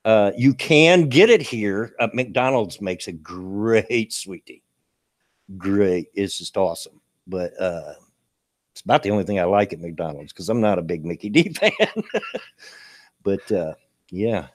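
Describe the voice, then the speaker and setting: A man's voice: on the low side, lively intonation, unhurried. Folksy man host. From American South. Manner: folksy, repetitive, chatty. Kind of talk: casual chat.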